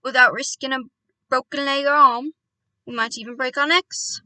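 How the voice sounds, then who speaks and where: A woman voicing an excitable elderly country doctor who bursts into loud, indignant outbursts. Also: fairly high pitch, moderate pace, dry recording. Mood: outraged.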